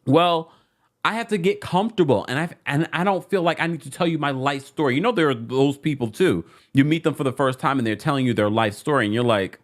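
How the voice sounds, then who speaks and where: A man hosting a casual reality TV recap, chatty and animated, repeating phrases for emphasis. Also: medium pitch, a little fast.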